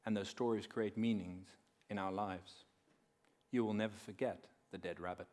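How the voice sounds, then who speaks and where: A man giving a conference talk on faith, telling stories in a measured way and dropping quiet for effect. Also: fairly low pitch, fairly even intonation. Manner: measured storyteller who drops quiet and slows for effect. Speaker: conference speaker. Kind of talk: talk on faith woven with storytelling.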